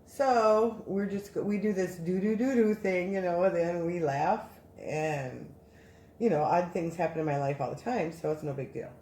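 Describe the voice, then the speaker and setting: A woman casually telling a story as a guest, animated and rambling with many restarts. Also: fairly low pitch, normal speed, reverberant, a little hiss or hum.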